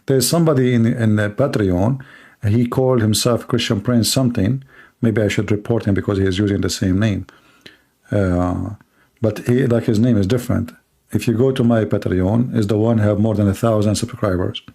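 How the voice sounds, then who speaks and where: A man hosting a live-streamed call-in debate, talking in a mocking, sarcastic way and laughing at his callers, with halting restarts. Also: lowish voice, steady tone, vocal fry, warm tone.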